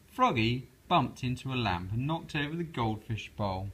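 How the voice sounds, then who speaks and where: A father slowly reading a bedtime storybook aloud to his daughter, gentle and lively. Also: lowish voice, slight background noise, poor audio.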